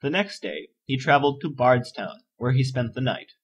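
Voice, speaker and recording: A man narrates an encyclopedia article in a steady, measured read-aloud style. His voice has a slightly husky, breathy edge and sits at an ordinary middle pitch. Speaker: volunteer article reader.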